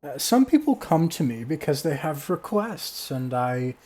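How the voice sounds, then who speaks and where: Guy putting on a high booming witch queen, old and regal, slow and grand. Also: very animated, a little mellow. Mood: stately. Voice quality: echoing, booming.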